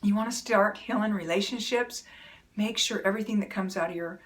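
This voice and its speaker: A woman's voice: mid-range voice, a little fast. A middle-aged woman speaking earnestly to camera, giving encouraging, plain-spoken self-help advice. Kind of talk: motivational talk to camera.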